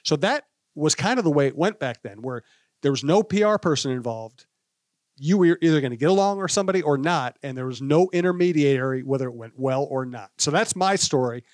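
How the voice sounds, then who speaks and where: A man from the Midwest, a sports writer guesting on a talk show, rattles through an old story very quickly. His voice is fairly high for a man, and the recording is dry and close. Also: animated, darkish tone, no echo. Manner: fast, conversational recollection. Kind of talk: casual storytelling chat.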